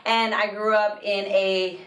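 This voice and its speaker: Lively woman storyteller in a roomy room. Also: medium pitch, takes it slowly, a little hiss or hum. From Mexican-American home in a colonia. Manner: lively, laughing, acts out quoted voices. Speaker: interview guest, university employee and alumna. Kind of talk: storytelling interview answers. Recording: roomy, from a distant mic.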